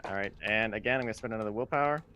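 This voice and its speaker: A man's voice: lowish voice, rapid-fire, bright, forceful tone. A man playing a tabletop game, talking casually and matter-of-factly about his moves. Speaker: player.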